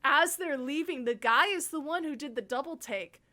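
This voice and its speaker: A woman hosting a casual video call chat, telling lively stories with lots of laughter and acted-out scares. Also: high-pitched, moderate pace. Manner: animated, laughing, acts out scares. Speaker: host.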